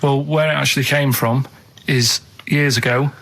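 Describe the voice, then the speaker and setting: A man with a Manchester accent, a mid-pitched voice, chatting on a studio radio show. He rambles through odd stories in a flat, deadpan way and gets defensive when teased. Close studio mic. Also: normal speed, gravelly. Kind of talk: casual radio banter.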